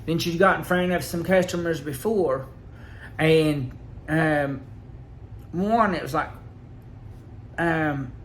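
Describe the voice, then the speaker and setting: Man, fairly high voice, rambling and aggrieved, lots of halting fillers; personal vlog. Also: a little hiss or hum. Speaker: vlogger. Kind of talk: casual personal storytelling.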